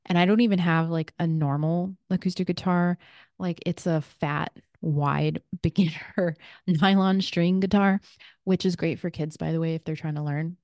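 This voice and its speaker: Chatty woman host with a low voice. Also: steady tone, moderate pace, a little mellow, dry recording, clean studio sound. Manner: chatty, rambling asides with laughs and "right?". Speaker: podcast host. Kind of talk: casual solo podcast talk.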